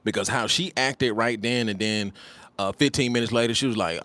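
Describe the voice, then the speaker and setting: A man telling a personal story in a casual monologue, animated and repetitive, often calling the listener "bro". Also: on the low side, fairly quick, no room sound. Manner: animated, repeats phrases, addresses listeners as bro.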